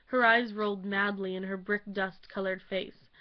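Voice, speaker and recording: A woman at home reading a classic novel aloud into a webcam in an expressive, theatrical storytelling manner. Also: mid-range voice, normal speed, dull audio. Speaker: audiobook reader.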